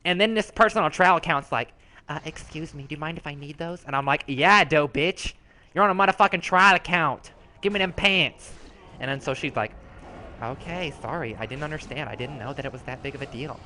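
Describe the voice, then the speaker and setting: A man's voice: high voice, a little fast, sharp tone. A man voicing a sassy, foul-mouthed rogue character, telling a brash, slangy, profane story as comedic commentary.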